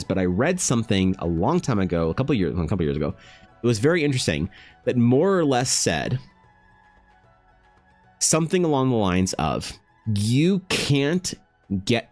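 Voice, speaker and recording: A man's voice: lowish voice, darkish tone. A man streaming his art and chatting casually, rambling with many restarts and filler words and greeting viewers directly. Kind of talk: casual live-stream monologue.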